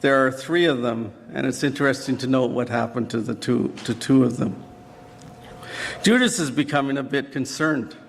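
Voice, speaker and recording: A man's voice: mid-range voice, normal speed, vocal fry, a little hiss or hum. Earnest man preaching in a church. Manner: vivid, earnest storyteller. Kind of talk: dramatic sermon storytelling. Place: church sanctuary. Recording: long church reverb.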